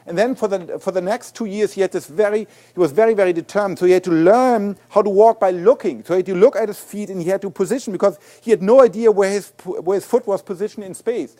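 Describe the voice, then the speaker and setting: A man with a German accent and a first language of German, giving an academic lecture as a guest neuroscientist in an animated, explaining way, often restarting and repeating words. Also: high voice, fast talker, hardly any pauses. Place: lecture hall.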